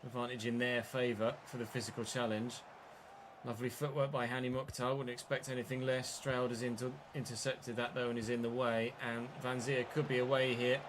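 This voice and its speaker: A man's voice: mid-range voice, flat delivery, a little fast, noisy background. A young man streaming a football video game, calling the play like a match broadcaster, with muttered asides and the odd outburst. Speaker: gaming streamer. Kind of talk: live game commentary.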